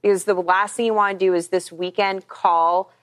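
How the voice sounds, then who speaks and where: A woman's voice: mid-range voice, fairly even intonation, moderate pace. A woman meteorologist chatting through a weather forecast on air, explaining things in a friendly, upbeat way.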